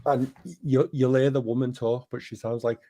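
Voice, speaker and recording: A man's voice: medium pitch, little pitch movement, moderate pace, warm tone. Blunt laughing man. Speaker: host. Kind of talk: casual late-night chat.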